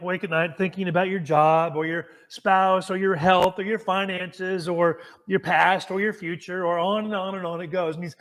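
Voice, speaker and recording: A man's voice: sits high, fairly bright tone. An American man preaching a sermon, telling a story and putting questions to the congregation, often restarting his words.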